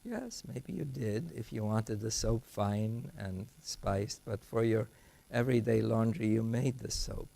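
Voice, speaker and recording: A man's voice: lowish voice, expressive, a little slow, gravelly, dark tone. An older man giving an academic lecture, thoughtful and digressive, often restarting his sentences. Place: lecture hall.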